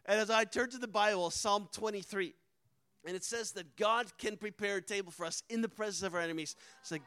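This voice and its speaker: High-voiced man telling an earnest testimony. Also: brisk, pushed and bright, smooth, dry recording, poor audio. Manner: earnest, emotional, acts out quoted dialogue. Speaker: missionary speaker. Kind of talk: personal testimony storytelling.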